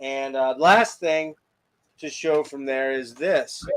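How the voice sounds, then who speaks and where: A man's voice: mid-range voice, takes it slowly, fairly bright tone, slight background noise. A man hosting a casual album review show, enthusiastic and swearing freely as he gushes over tracks. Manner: enthusiastic, profane, gushing. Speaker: podcast host reviewing albums. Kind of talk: casual music chat.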